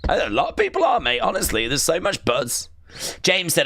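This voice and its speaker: A man hosting a live watch-along stream, chatting in a rambling, excitable way and reading viewer comments aloud. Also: fairly high pitch, moderate pace, vocal fry, no room sound.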